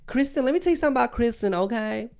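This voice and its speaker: A man's voice: very high voice, animated, racing, creaky, darkish tone, smooth, pitched above the performer's own voice, heavily acted. A man voicing a swooning young woman with a crush, talking in a gushing, sassy way.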